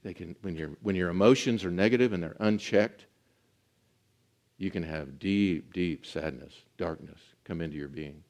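Man, pastor, sermon, earnest, emphatic, slow stresses, soft drops. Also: low voice.

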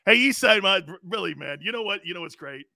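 Brash middle-aged male sports-talk host, high lively gravelly voice, bright and dry. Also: fast talker, no room sound. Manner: loud, animated, shouting and laughing, brash. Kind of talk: live sports talk show, reading chat comments.

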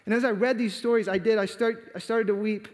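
A man's voice: sits high, fairly even intonation, a little fast, darkish tone, big-room sound. A man preaching a sermon, telling a story dramatically and acting out the quoted lines. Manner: dramatic, acts out quoted dialogue.

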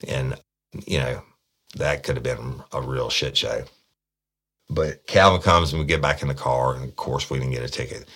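A man tells a story from his police work, casual and blunt. His voice sits extremely low. He swears freely and stumbles over repeated words as he talks. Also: fairly even intonation, normal speed, a bit bright, husky. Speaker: police detective.

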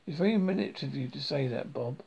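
A man voicing a grumpy, loud middle-aged mother who shouts and swears. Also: medium pitch, lively intonation, rapid-fire, gravelly, breathy edge, muffled recording. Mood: indignant. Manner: shouting and cross.

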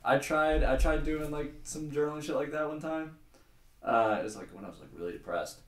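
A man's voice: fairly high pitch, a little fast. A young man hosting a podcast, chatting casually and telling a long joke in a loose, swearing way. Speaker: podcast host. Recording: echoey room.

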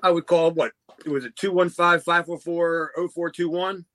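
High-voiced man telling stories. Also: steady tone, normal speed, fairly bright tone. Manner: storytelling, swears freely, laughs often. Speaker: podcast co-host. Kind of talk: casual chat.

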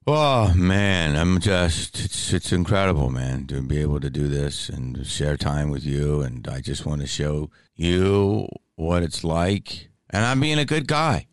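A middle-aged man hosting a podcast, telling rambling, animated stories in casual chat. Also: very deep voice, a little slow, few pauses, no echo, studio quality. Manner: rambling, animated, lots of fillers. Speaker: podcast host.

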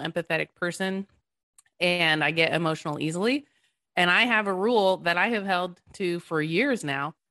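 Woman, 30s, podcast guest, earnest, animated, lowish voice, dry close sound. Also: no room sound. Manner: earnest and animated, laughing easily. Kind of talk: casual conversation.

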